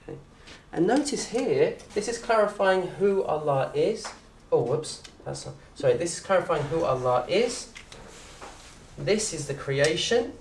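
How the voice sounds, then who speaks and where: A man with a southern English accent teaching an Arabic course in a lecture room. He talks in a lively way, quizzes the audience and acts out little scenes. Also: on the high side, measured pace, slight background noise. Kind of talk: lecture to an open day audience. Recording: roomy echo from a distant mic.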